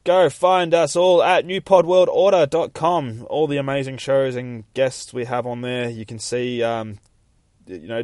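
Animated, swearing male podcast host. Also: medium pitch, no echo, studio quality. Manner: animated, profane storytelling that acts out characters. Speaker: comic book podcast host. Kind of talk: casual solo podcast recap.

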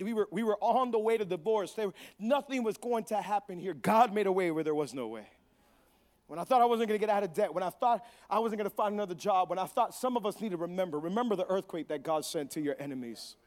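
A man pastor preaching a sermon, building to loud repeated refrains and acting out quick quoted voices. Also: high-pitched. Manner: preaching with rising volume, repeated call-and-response phrases.

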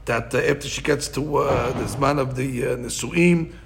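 Gravelly man teaching a Talmud class. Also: medium pitch, normal speed, slight background noise. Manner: animated, thinks aloud with many restarts; mixes Hebrew and Aramaic terms into English.

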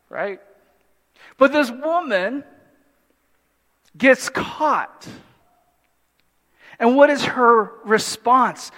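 A man preaching a sermon in an animated way, with humorous asides and acted-out voices from the story. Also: very high voice, takes it slowly, long pauses. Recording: long hall reverb.

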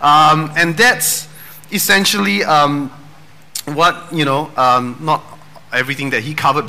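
A man's voice: medium pitch, sharp tone. A man preaching a sermon in a casual, joking way, tossing in dad jokes and asking rhetorical questions. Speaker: pastor.

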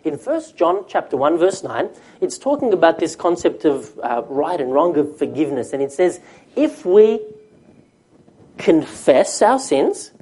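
A man's voice: on the high side, warm tone, slightly rough. A man preaching a sermon as a pastor, talking conversationally and asking the congregation questions.

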